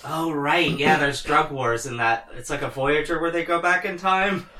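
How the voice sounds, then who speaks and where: A man's voice: fairly high pitch, moderate pace, pushed and bright. A man co-hosting a casual podcast chat, hesitant and contrarian. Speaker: podcast co-host. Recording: echoey room with faint noise.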